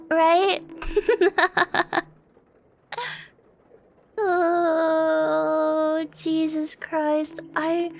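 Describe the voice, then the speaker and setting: Super high squeaky young woman streaming, shaky and teary, giggly nervous rambling, kinda slow. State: shaky and near tears. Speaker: livestreamer. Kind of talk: casual live-stream chat.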